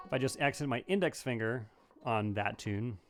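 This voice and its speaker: During a casual livestream banjo lesson, a male banjo teacher with a medium-pitched voice answers viewers' questions at a moderate pace, thinking aloud with plenty of fillers and restarts. He talks over loud music, and banjo playing fills the gaps between phrases.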